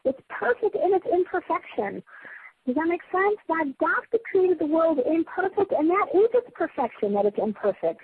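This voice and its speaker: A woman's voice: sits high, phone-quality sound, a little hiss or hum. A woman teaching a Torah class to a small group. She is earnest and emphatic, often restarts her phrases and checks in with her listeners. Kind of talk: spiritual lecture to a small group.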